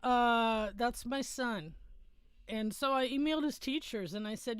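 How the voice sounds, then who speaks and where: A woman's voice: fairly high pitch, a little slow, clean tone, dry recording. A middle-aged woman hosting a casual livestream from home, chatting in a rambling way and correcting herself as she goes.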